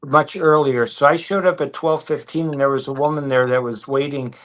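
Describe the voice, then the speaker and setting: A man, a hypnotherapist and reader, talking in a relaxed storytelling way on a livestream. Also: mid-range voice, fairly quick. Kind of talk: casual livestream chat.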